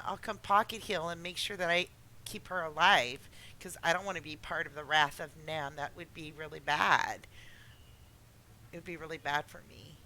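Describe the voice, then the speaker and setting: A woman hosts a casual chat, stopping and restarting her sentences with plenty of uhs. Her voice is a touch low in pitch but clear and bright. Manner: chatty, filler-heavy, halting starts. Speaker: host.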